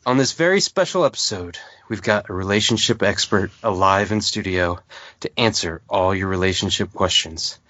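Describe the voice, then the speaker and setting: A man's voice: low voice, normal speed, pushed and bright, no room sound, dull audio. A man hosting a podcast, introducing his co-hosts in jokey announcer-style patter for a mock radio show. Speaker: podcast host.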